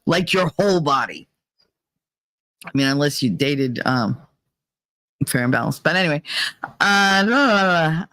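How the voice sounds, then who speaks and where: A woman's voice: sits low, lively intonation, a little slow, long pauses, fairly bright tone, no room sound. A middle-aged woman hosting a casual livestream, chatting with viewers, swearing and laughing as she jumps from topic to topic. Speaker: livestream host. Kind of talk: casual chat reading viewer comments. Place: dark cramped corner of a room.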